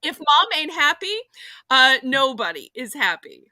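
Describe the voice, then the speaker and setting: A Southern woman with a high, bright voice hosts a live stream and reads viewer messages aloud. She sounds upbeat, and her pitch rises and falls a lot. The sound is dry and close. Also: big pitch swings, unhurried, no echo. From American South. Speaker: host. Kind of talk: live-stream chat, reading viewer comments.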